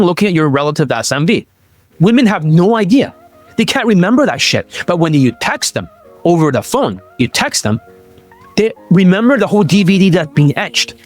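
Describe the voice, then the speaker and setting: A man coaching on dating in a blunt, profane monologue, often checking whether the listener follows. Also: a little high. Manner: blunt and profane, keeps asking "does that make sense?". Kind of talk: Q&A monologue to camera.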